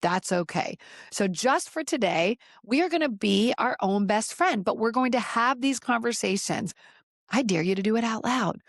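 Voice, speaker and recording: A woman's voice: on the high side, expressive, normal speed, dry recording. Encouraging woman podcast host, dry sound. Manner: encouraging, conversational, talks straight to listeners. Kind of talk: motivational podcast monologue.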